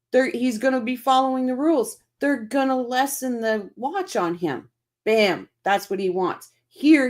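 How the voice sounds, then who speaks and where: A woman hosting a true crime livestream, reading chat comments aloud and talking back in a blunt, profane, indignant way. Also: fairly high pitch.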